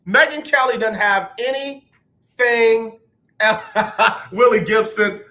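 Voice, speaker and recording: A man's voice: high voice, lively intonation, slow, bright, forceful tone. A man hosting a sports talk radio show, ranting emphatically about athletes and the media and taking callers. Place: radio studio.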